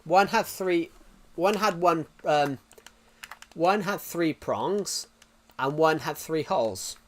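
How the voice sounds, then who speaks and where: A man's voice: a little high, lively intonation, slow. A young British man streaming live, chatting casually with viewers in a rambling way, full of restarts and fillers. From United Kingdom.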